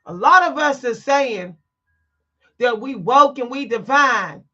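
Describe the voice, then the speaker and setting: A woman's voice: high voice, expressive, slow pace, bright, forceful tone, dull audio. A woman telling a story to her viewers in a blunt, emphatic, preachy way, stressing her words. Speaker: vlogger. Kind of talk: candid storytime monologue to viewers.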